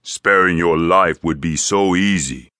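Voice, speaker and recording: A man voicing a menacing, gleeful male villain in an audiobook, with a slow, mocking, taunting drawl. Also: low-pitched, sharp tone, no echo, clean studio sound. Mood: gloating menace.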